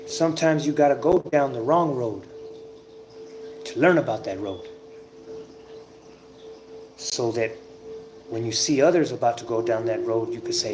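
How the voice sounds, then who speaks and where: A man giving an informal spiritual talk, telling a story emphatically, with drawn-out pauses and the odd curse word. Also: medium pitch, darkish tone. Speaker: self-styled spiritual teacher. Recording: noisy ambient background.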